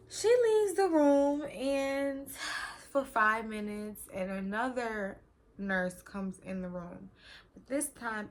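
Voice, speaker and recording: A young woman, casually telling a personal story in an animated, slangy way that acts out what people said. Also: on the high side. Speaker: vlogger telling her birth story.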